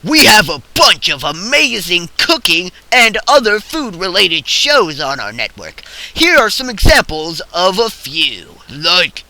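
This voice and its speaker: Goofy man, parody ad narration, high lively voice, gravelly edge. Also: a little slow, no room sound, poor audio. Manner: goofy, animated. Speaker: comedy sketch creator.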